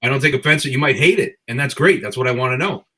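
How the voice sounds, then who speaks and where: A man co-hosting a casual talk, speaking relaxed and hedging with fillers. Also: mid-range voice, fast talker. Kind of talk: casual chat.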